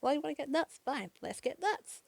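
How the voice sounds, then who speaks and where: A woman's voice: high voice, lively intonation, brisk, vocal fry, no room sound, voice pushed up. A woman voicing a hot-tempered male bear henchman from a comic, taunting and angry.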